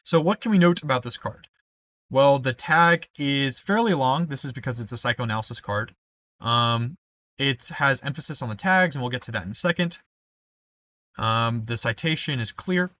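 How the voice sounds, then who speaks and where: A man's voice: medium pitch, fairly bright tone, no room sound. Young man explaining debate card formatting. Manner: explanatory, with frequent ums and rhetorical "right?". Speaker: debate coach. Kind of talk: screen-share tutorial.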